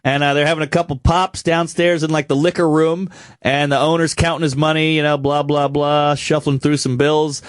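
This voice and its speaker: A man co-hosting a comedy podcast, telling stories in a casual chat, animated and laughing through his own tales as he acts out the people in them. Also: fairly high pitch, normal speed, no room sound. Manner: animated, acts out quotes in voices.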